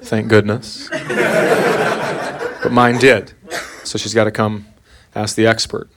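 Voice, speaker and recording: A middle-aged man performing a stand-up set, animated and rising into loud, exasperated rants. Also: on the low side, slow pace. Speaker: stand-up comedian. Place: comedy club stage with a live audience. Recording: very noisy live club recording.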